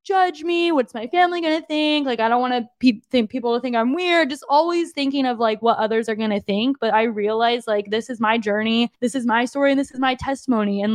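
A young woman with a slightly high voice tells her story in an earnest, confiding way, filling her talk with "like" and talking right to her listeners. The recording is close and dry, with no room sound. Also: no echo. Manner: earnest and confiding, frequent "like", addresses listeners as "you guys". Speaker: podcast host and fitness coach. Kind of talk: personal testimony monologue.

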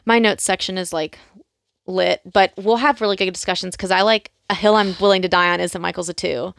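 A young woman co-hosting a podcast, chatting casually about a TV show and quoting lines with quick mimicry. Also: lowish voice, steady tone, creaky, a bit bright, dry recording, studio quality. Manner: chatty, quotes lines in bursts of mimicry, many fillers. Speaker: podcast co-host.

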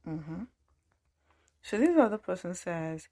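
A woman's voice: lowish voice, a little slow, creaky, darkish tone. A young Nigerian woman with a Nigerian accent, chatting playfully and laughing often as she reacts to replies. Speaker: podcast host. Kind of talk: casual chat.

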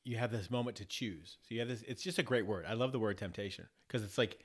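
A man's voice: on the low side, fast, husky. A man talking in a casual podcast conversation, reflective, often restarting and repeating words as he works through ideas. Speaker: podcast guest.

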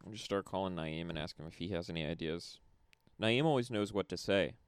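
A man's voice: sits low, a little fast, clear, resonant tone, dry recording. A man co-hosting a casual podcast, giggling, swearing and riffing on jokes. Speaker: podcast co-host. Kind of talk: casual prank-call podcast chat.

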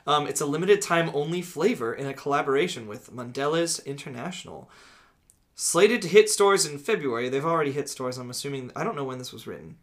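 A man's voice: mid-range voice, fairly bright tone. A man hosting a casual podcast segment, rambling with many fillers and frequent laughter. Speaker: podcast host.

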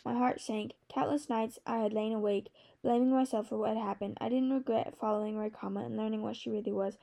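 A woman reading a novel aloud as an audiobook narrator, in a measured storytelling manner. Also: a little high, fairly even intonation, vocal fry, mellow. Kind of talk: scripted narration.

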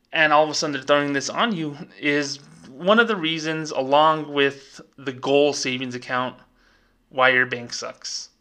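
A man in his thirties hosting a casual commentary show, ranting in an animated way with quick asides. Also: on the high side. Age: 30s. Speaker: host.

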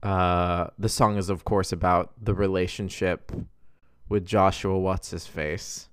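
A young man in his twenties chats casually as a podcast co-host. His voice sits very low. He rambles, with lots of fillers and restarts. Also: level tone, a little slow, clean tone. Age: 20s. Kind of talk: casual chat. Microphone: video call.

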